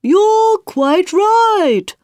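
A self-important dodo bird from a children's tale, fussy and officious, as a woman reader puts him on. The voice is high and swooping, delivered slowly. It is recorded close and dry. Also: animated, darkish tone, dry recording, exaggerated voice.

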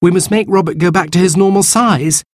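A man's voice: high-pitched, a little fast, voice pushed up. A man doing a sensible young girl. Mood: coaxing. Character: sensible older sister girl.

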